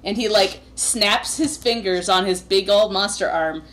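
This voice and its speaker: A woman's voice: mid-range voice, a little slow, fairly bright tone. A woman narrating a tabletop game as game master, casual and giggly, with lots of fillers.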